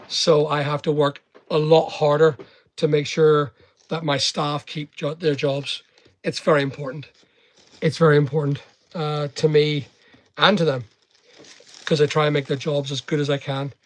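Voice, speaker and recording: A middle-aged Northern Irish man rambling chattily on a livestream while packing online orders and talking to viewers. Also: on the high side. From Northern Ireland.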